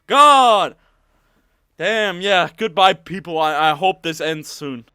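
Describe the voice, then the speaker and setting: Male gamer, high bright voice, heated swearing rant, dry close mic. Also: expressive, slow pace, clean tone, no room sound. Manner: heated, swearing, swings from muttering to shouting. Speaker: gamer ranting about a game. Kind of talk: angry profane rant.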